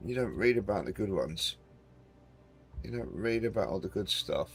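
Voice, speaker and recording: A man's voice: low-pitched, expressive, moderate pace, creaky, pauses often, a bit bright, soft background music. A man hosting a flight simulator game video, chatting casually and rambling as he flies, often calling the viewer mate. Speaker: gaming channel host. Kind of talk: casual gameplay commentary.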